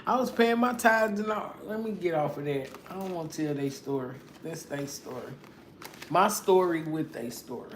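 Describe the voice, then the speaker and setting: A woman's voice: sits low, normal speed. A middle-aged woman giving a casual tarot reading, blunt and profane, laughing often as she talks. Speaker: tarot reader. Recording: echoey room with faint noise.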